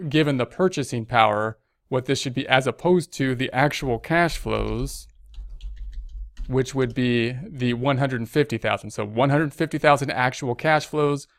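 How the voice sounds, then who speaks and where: A man teaches an accounting lesson, calling out every cell entry and keystroke as he types. His voice sits at a middling pitch and is recorded dry and close, with no room sound. He often restarts a phrase before he finishes it. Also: no echo. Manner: talks through each keystroke, restarts phrases. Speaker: accounting instructor. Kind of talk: spreadsheet tutorial narration.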